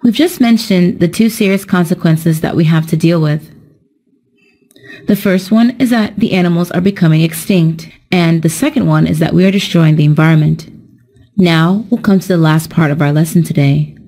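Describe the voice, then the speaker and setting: A young woman narrates a scripted English lesson as a teacher. She speaks slowly and carefully and explains each point. Her voice is mellow and a little low.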